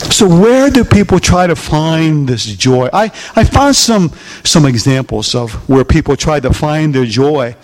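A male pastor preaching a sermon in a folksy way, firing off rhetorical questions at his congregation and swinging between loud, emphatic lines and soft, drawn-out ones. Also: on the high side, slight background noise.

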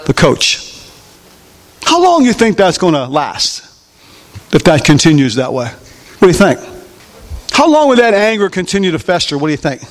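Male preacher, high voice, animated sermon with call-and-response questions, recorded in a church hall with a long echo. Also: normal speed, pauses often. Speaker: pastor. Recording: long reverb of a large hall.

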